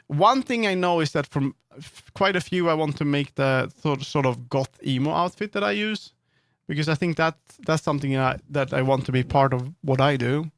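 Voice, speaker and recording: A man's voice: a little high, normal speed, creaky, no echo, studio quality. A man chatting casually on a live stream, thinking aloud and correcting himself as he works. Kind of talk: casual live-stream chat while working.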